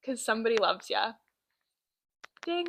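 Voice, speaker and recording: Bright-voiced young woman telling stories. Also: on the high side, slight background noise, low-quality recording. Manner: animated storyteller acting out quoted voices. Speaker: podcast co-host. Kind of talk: casual chat, storytelling.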